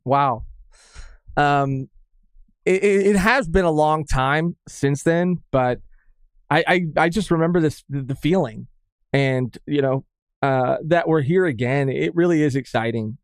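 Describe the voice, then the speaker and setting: A man's voice: fairly high pitch, measured pace, smooth, no room sound, studio quality. Upbeat man co-hosting a chatty podcast. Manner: upbeat, laughs often, reads chat comments aloud. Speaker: podcast co-host. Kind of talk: casual live-stream chat.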